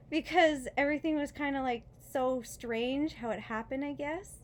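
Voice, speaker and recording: Speaking fairly quickly with few pauses, in a high voice over slight background noise, a mother vlogs her faith story after foot surgery. It's a casual testimony, earnest and chatty, packed with fillers and quick laughs even though she's in pain.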